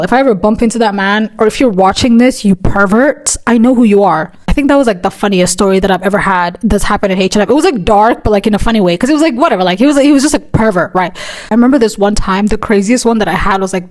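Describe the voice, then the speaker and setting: A woman's voice: medium pitch, darkish tone. A young woman telling a storytime vlog in a rambling, chatty way, full of "like" and "right?", dramatic and swearing often. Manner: profane, dramatic. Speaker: vlogger.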